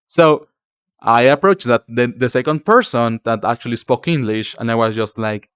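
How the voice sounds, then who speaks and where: A young man from Mexico, speaking with a native Mexican Spanish accent, chats with stream viewers in a rambling, filler-heavy way and calls them darling. His mid-range voice is clear, resonant, and a bit bright at a normal pace. The recording is dry and studio quality.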